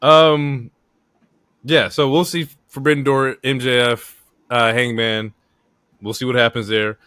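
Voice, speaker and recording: Relaxed man recapping on a podcast. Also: mid-range voice, a little slow, clear, resonant tone, no echo, clean studio sound. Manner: relaxed, recaps steadily with fillers. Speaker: podcast co-host. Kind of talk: casual wrestling review chat.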